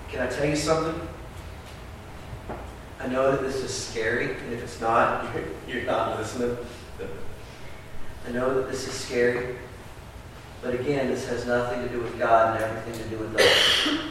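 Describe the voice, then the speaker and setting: A pastor preaching a sermon, swinging from loud emphatic outbursts to quiet, earnest talk. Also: male voice, medium pitch, steady tone, moderate pace, pauses often. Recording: echoey hall from far off with background noise.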